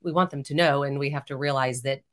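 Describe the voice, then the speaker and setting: A woman's voice: rumbling low, steady tone, quick pace, a bit bright. A woman co-hosting a podcast, thinking aloud and searching for the right words in a casual chat. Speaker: podcast co-host.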